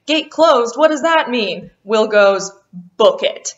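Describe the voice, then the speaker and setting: A young woman vlogger telling a lively storytime about a travel mishap, acting out what people said. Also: a little high. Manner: animated, quotes people in quick voices. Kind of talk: casual storytime. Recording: dull lo-fi sound.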